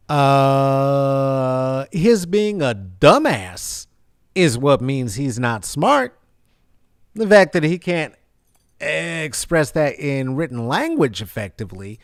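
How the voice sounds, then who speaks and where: A man's voice: mid-range voice, sing-song, slow, clear, resonant tone, no room sound, clean studio sound. A man hosting a sarcastic, rambling comedic news commentary with many fillers. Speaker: vlog host.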